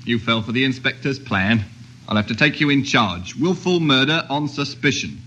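Dutiful sergeant, deferential, bright and firm. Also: male voice, mid-range voice, animated, normal speed, highs cut off, slight background noise. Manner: deferential, matter-of-fact reports. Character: dutiful male police sergeant, respectful. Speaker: police sergeant. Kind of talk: 1950s radio drama acting.

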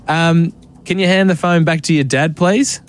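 Teasing Australian radio host. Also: male voice, a little high, steady tone, moderate pace. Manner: easygoing, teasing, laughs often. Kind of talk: breakfast radio banter.

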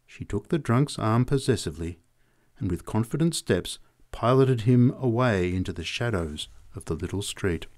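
A man reading short stories aloud as narrator, in a measured storytelling manner. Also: lowish voice, a little mellow. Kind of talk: audiobook reading.

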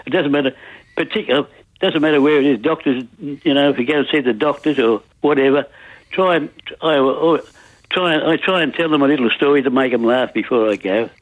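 A man calling in to a radio show, cheerful and halting, stopping and restarting his sentences. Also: mid-range voice, no room sound. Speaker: caller. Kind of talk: phone-in chat. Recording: tinny phone line.

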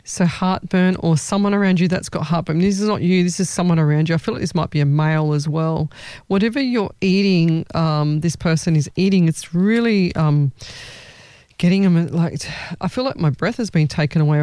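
Psychic host, chatty and rambling, mellow tone, dry close sound. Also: medium pitch, normal speed, dry recording. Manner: chatty, rambling, restarts sentences. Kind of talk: live online psychic reading.

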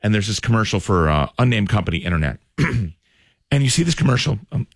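A man's voice: lowish voice, big pitch swings, fast, dry recording, clean studio sound. A man in his twenties hosting a radio show, chatting and telling stories with some emotion. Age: 20s. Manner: chatty, storytelling, a bit choked up. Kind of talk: casual radio chat.

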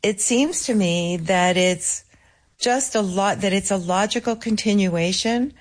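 A woman being interviewed about a musician's legacy, telling stories in a lively way and acting out the voices of people she quotes. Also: mid-range voice, a little slow. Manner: lively storyteller who acts out quoted voices. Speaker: guest, keeper of a late pianist's legacy. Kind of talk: conversational interview answers.

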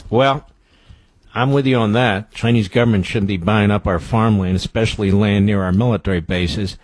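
A man's voice: lowish voice, steady tone, normal speed, dry recording. A man hosting a political talk radio show, speaking emphatically and indignantly, firing off rhetorical questions. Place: radio studio.

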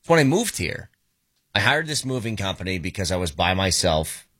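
Chatty man with a bright, lively voice. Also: deep voice, husky. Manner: chatty, quick anecdotes with quoted asides. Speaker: radio co-host. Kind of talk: casual talk radio banter.

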